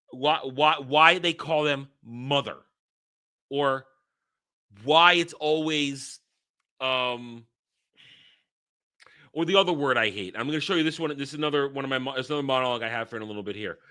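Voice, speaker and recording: A man's voice: fairly high pitch, bright, forceful tone. A man hosting his own channel, ranting in a casual, exasperated and mocking way, often repeating and restarting his words. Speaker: host. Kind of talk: casual commentary rant.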